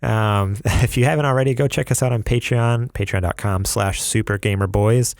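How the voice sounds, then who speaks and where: Gravelly low-voiced podcast co-host from upstate New York, chatty and laughing. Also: male voice, moderate pace, no echo, studio quality. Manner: laughs often, relaxed plugs. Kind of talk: casual podcast chat.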